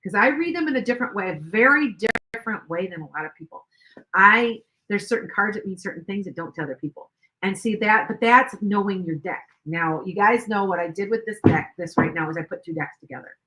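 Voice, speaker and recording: A woman's voice: mid-range voice, animated, a little fast, sharp tone, low-quality recording. An older woman hosting a tarot livestream, chatting casually in a rambling way with many restarts. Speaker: tarot reader livestream host.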